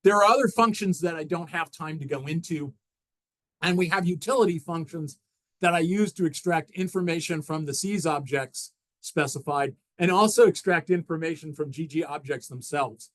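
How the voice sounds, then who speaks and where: A man talking through slides at a technical seminar. His voice sits a little high for a man. He speaks haltingly, restarting phrases and filling gaps with "uh" as he explains each step. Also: a bit bright, rough recording. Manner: halting, frequent restarts and fillers while walking through slides. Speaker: presenter.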